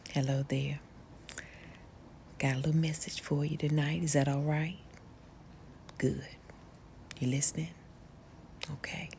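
A middle-aged woman who is a social media personality gives the camera a gentle, affectionate motivational talk, using folksy phrasing and endearments like honey and baby. She is soft-spoken and often drops to a whisper, her voice rumbling low and gravelly, with slight background noise.

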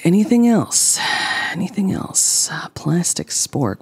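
A woman streamer talks through her game in a low voice that still swings widely in pitch. She rambles along with deadpan jokes aimed at her chat. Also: slow. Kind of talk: casual gameplay commentary.

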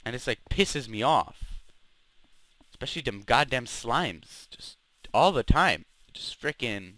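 Swearing young gamer with a lively voice. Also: male voice, medium pitch, dry recording. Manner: swears freely, grumbles and trash-talks mobs. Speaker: gaming channel host. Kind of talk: Minecraft let's play commentary.

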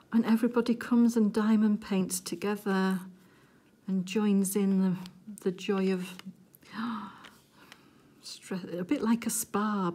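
A middle-aged woman from England chatting casually to viewers while she crafts, giggly and easily excited. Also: mid-range voice. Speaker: crafting vlogger.

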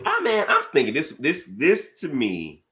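A man's voice: a little high, huge pitch swings, moderate pace, fairly bright tone. A man co-hosting a casual reaction chat, playful and teasing as he gives his verdicts. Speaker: co-host reacting to videos.

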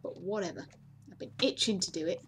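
A woman hosting a let's play, talking casually and mocking herself, with sudden high exclamations. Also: fairly quick, slight background noise. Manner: chatty, self-mocking, bursts into high exclamations. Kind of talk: casual gameplay commentary.

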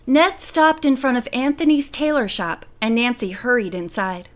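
A woman narrating a mystery novel as an audiobook, telling the story in an expressive, lively way. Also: high voice, moderate pace, hardly any pauses.

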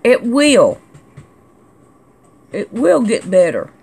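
A woman's voice: a little high, wildly swooping pitch, very slow, creaky, darkish tone, husky. A woman hosting a casual vlog, reading out viewer comments in a chatty, scolding, drawling way. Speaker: channel host reading comments.

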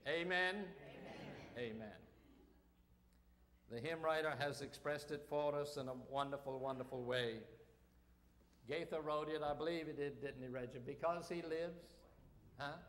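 A man preaching an Easter sermon as pastor, slow and deliberate, rising to loud call-and-response shouts. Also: fairly high pitch, slight background noise. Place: church sanctuary. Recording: long reverb of a church sanctuary.

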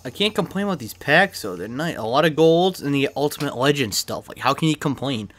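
Excitable young man opening game packs. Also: mid-range voice, a little fast. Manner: excitable, swears freely, talks to himself while opening packs. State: coughing, throat irritated. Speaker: gaming YouTuber opening card packs. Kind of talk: casual pack-opening commentary. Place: his bedroom.

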